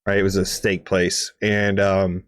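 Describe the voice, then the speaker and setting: A man's voice: low voice, unhurried, no room sound, studio quality. A man co-hosting a casual podcast, telling a long rambling story, cursing freely, tagging lines with "right?" and acting out engine noises. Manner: rambling, profane, lots of "right?" asides; animated, makes engine noises and sound effects. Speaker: podcast co-host.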